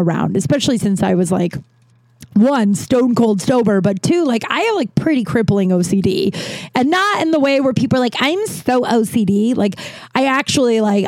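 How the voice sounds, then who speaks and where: A woman's voice: medium pitch, a little mellow, dry recording. A young woman hosting a podcast, telling a story in a chatty, filler-heavy way and swearing freely. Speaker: podcast host. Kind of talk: casual storytelling monologue.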